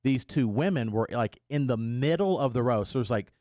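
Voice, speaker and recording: A man with a mid-range voice hosts a morning radio show, telling a story in casual studio chat and acting out the quotes like an animated storyteller. He talks at normal speed into a studio microphone, with no room sound.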